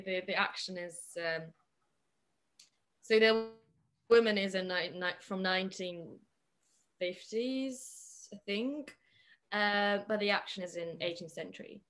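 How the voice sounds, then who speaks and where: Slow, hesitant young Polish woman. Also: medium pitch, fairly bright tone. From Poland. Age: young adult. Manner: hesitant, many fillers and restarts, laughs often. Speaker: guest. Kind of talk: casual podcast chat.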